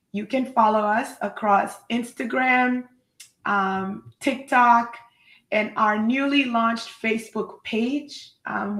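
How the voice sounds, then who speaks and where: A woman's voice: a little high, a bit bright. Upbeat woman hosting an echoey live show. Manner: upbeat, effusive. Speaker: host. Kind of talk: live online talk.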